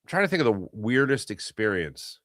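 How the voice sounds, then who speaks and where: A middle-aged man from Philadelphia hosting a casual sports talk show, telling animated stories and acting out voices. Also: on the low side, brisk, no room sound, clean studio sound. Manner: animated storytelling, acts out voices.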